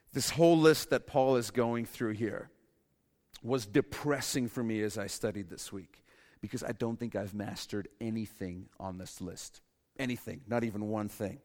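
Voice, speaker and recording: Male pastor, sermon, animated, humorous asides, loud emphasis, long church-hall reverb. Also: medium pitch.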